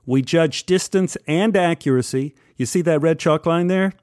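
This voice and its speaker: A man's voice: a little high, moderate pace, a little mellow, dry recording, clean studio sound, close to an everyday voice. A man voicing a bored male contest registration worker who explains rules in a matter-of-fact way.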